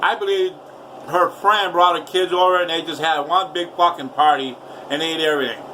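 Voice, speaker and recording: A man's voice: a little high, steady tone, normal speed, far from the mic, slight background noise, low-quality recording. A man telling a rambling, profane story in his home kitchen while cooking. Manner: profane, loud ranting storyteller.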